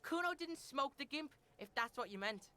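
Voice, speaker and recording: A woman's voice: sits high, animated, normal speed, bright, forceful tone, no room sound, voice pushed up. Woman doing a foul-mouthed bratty boy. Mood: taunting. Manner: crude, taunting, refers to himself in third person.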